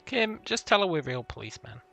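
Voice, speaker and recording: A man's voice: fairly high pitch, big pitch swings, fairly quick, gravelly, sharp tone, soft background music. A young man hosting a game playthrough, joking and reading dialogue options aloud. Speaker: gaming video host. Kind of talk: casual let's-play commentary.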